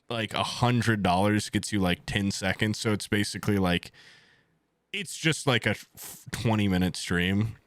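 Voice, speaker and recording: A man's voice: sits low, clear, resonant tone, dry recording. A young man in his twenties telling a rambling, crude story to his stream chat at home, swearing bluntly as he goes.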